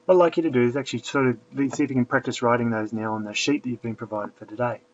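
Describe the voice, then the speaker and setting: A man's voice: mid-range voice, fairly even intonation, very fast, darkish tone, a little hiss or hum. A man teaching a language lesson, patiently explaining and repeating drills aloud. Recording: dull lo-fi recording.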